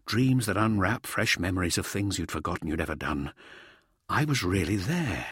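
A man's voice: deep voice, lively intonation, moderate pace, fairly bright tone, slightly rough, no room sound, studio quality, exaggerated voice. A man voicing a feverish, frightened old Uplander man who hisses and rambles in a strained, breathless voice.

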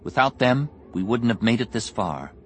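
A man voicing a calm, focused young male Jedi leader who is wounded, for an audiobook, with music underneath. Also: medium pitch, normal speed, slight background noise, lightly acted. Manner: calm, steady, quiet. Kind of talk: audiobook character voice.

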